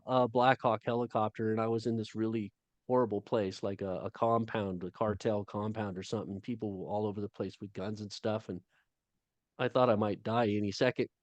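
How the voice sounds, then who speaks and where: A middle-aged man, a guest author, talking casually on a video call, halting often with fillers. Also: lowish voice, no room sound. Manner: halting storytelling with many fillers.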